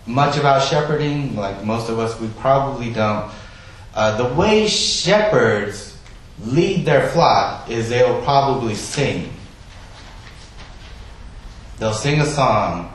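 A man preaching a sermon, stressing key words loudly and then dropping to a soft, quiet delivery. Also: mid-range voice. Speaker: pastor. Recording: echoey room, voice from a distance.

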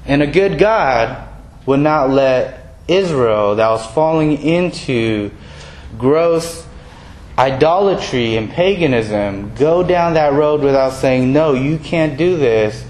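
A man delivering a sermon to his congregation, relaxed and conversational, with a middling voice. He slips into quick acted-out quotes and pokes fun at his own jokes. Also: medium pitch. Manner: conversational, self-deprecating, acts out quoted voices. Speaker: pastor.

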